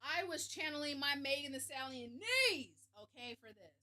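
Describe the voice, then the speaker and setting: High, bright-voiced woman streamer. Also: moderate pace, few pauses. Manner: animated, laughing, frank and profane. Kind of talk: casual storytelling to a live stream.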